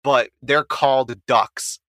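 A man's voice: medium pitch, fairly even intonation, slow pace, a bit bright, dry recording. A young man chatting casually as a podcast co-host, joking and swearing as he quotes movie lines. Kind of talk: casual chat.

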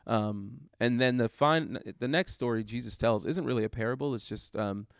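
A man's voice: medium pitch, normal speed, clean tone, no echo, clean studio sound. A man recounting a sermon he preached, talking it through thoughtfully with lots of fillers and restarts. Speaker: guest preacher. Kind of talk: casual conversation about a sermon.

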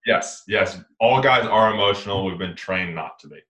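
A man's voice: on the low side, normal speed, a bit bright. A man co-hosting a casual podcast conversation, talking in an earnest, rambling way and often correcting himself mid-sentence. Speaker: podcast co-host. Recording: roomy echoey room.

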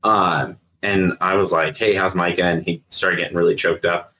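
In a low-quality recording with slight background noise, a deep-voiced middle-aged man recounts his days as a sheriff's investigator, now retired. Speaking at normal speed in a relaxed interview, he acts out other people's lines and laughs as he goes.

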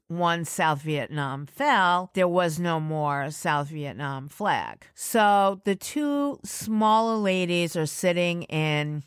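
Woman, sixties, New York native, podcast host; low-pitched, dry and close, animated personal storytelling. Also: no echo. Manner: animated, acts out her own reactions with big pitch jumps.

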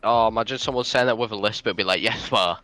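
A man's voice: fairly low pitch, very fast, a bit bright, a little hiss or hum. A man in casual online chat, swearing and bantering with friends over a voice call. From Britain.

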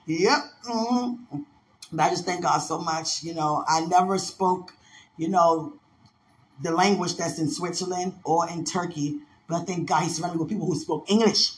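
High-pitched dc guy on a stream, laughy, animated, drops into little voices. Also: moderate pace, slight background noise. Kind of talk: casual storytelling chat.

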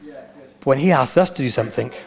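A man preaching a sermon as pastor, with animated storytelling and emphatic repetition. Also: medium pitch, a little fast, vocal fry.

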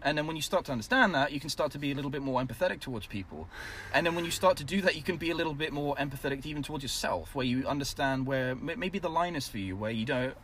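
A man's voice: fairly high pitch, expressive, rapid-fire, fairly bright tone, a little hiss or hum. A man hosting a casual group chat, talking in a reflective, rambling way with many fillers.

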